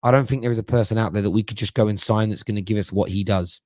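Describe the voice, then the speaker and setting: A man's voice: lowish voice, steady tone, very fast, a little mellow, dry recording, studio quality. A middle-aged man hosting a casual live stream, reading out viewer comments and often repeating words as he thinks. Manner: chatty, stumbles and repeats words while thinking. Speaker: host of a football fan live stream.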